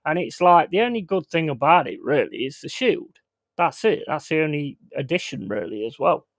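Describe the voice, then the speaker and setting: A man's voice: fairly high pitch, expressive, moderate pace, no echo. Male streamer, blunt and sweary, casual rant, dry close sound. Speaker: streamer host. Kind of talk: casual livestream chat. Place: home.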